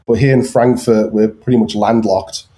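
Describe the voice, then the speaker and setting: Guest: man, anglicized North Welsh accent, warm mellow tone, halting delivery with lots of fillers. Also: lowish voice, fairly even intonation. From Wales. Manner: hesitant, many ums and restarts. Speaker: guest artist. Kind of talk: casual chat.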